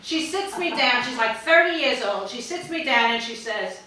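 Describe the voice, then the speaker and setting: A woman's voice: fairly high pitch, moderate pace. Echoey older woman doing blunt stand-up. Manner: blunt and deadpan, swears freely. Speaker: stand-up comedian. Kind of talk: stand-up storytelling. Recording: very echoey hall, distant mic, faint noise.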